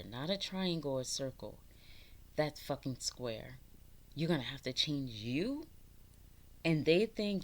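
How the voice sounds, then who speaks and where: A woman with a low voice gives a casual spiritual pep talk to her viewers. She swears constantly, laughs a lot and preaches self-worth in a loose, streetwise way. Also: animated, normal speed, a little mellow. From New York, the Bronx. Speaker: spiritual vlogger.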